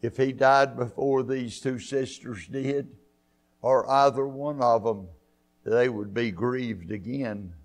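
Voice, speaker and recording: A man preaching a church sermon, fervent, rising to loud high peaks and throwing in hallelujahs. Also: takes it slowly. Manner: punctuates with hallelujahs and amens. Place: church sanctuary.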